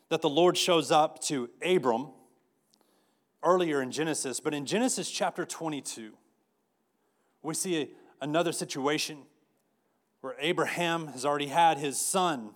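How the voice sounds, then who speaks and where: A man's voice: fairly high pitch, moderate pace, pauses often. A man preaching a sermon in a conversational way, often restarting and repeating words as he tells a story. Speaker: pastor.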